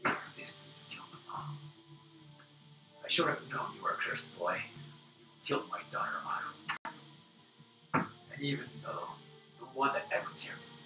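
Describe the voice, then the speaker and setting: A man voicing a feeble, bitter old man in a wheelchair in a whispered role-play, with a breathy, wheezing whisper. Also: medium pitch, lively intonation, unhurried, pauses often, reverberant, distant mic, music in the background, pitched above the performer's own voice, close to an everyday voice, low-quality recording. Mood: bitter, accusing.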